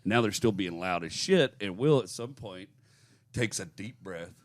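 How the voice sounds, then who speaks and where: A man's voice: lowish voice, a little slow. A man with a Texan accent, a comedian co-hosting a podcast, telling a stage story with acted-out quotes in casual chat. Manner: animated storyteller, acts out quotes.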